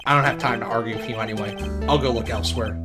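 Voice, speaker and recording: A man voicing an earnest young male defense attorney in a low, subdued reading. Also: fairly even intonation, racing, lightly acted. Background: video game music.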